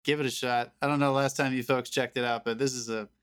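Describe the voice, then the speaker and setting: A man's voice: mid-range voice, level tone, fast talker, fairly bright tone, clear, resonant tone. A man co-hosting a movie podcast over a video call, passionate and rambling, swearing freely. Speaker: podcast co-host. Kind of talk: casual movie podcast chat.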